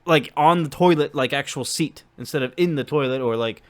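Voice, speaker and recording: A man's voice: a little high, brisk. A young man co-hosting a casual podcast chat, rambling and jokey, with lots of "like" fillers. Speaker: podcast co-host.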